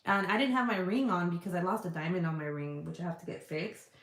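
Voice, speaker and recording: A woman telling a story in casual chat as a vlogger, animated and swearing freely, laughing often. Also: lowish voice, fast. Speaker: vlogger reading live chat. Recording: roomy echo.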